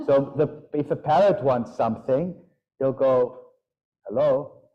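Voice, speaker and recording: A man leading a casual group discussion, talking in an animated way and imitating his pets' sounds. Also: mid-range voice, a little slow, highs cut off. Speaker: group leader.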